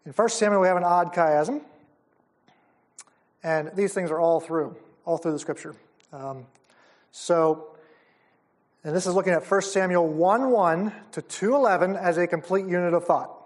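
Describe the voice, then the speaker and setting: A man's voice: sits high, normal speed, pauses often. A man teaching at a Bible conference, enthusiastic and explaining things step by step. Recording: audio of a live talk.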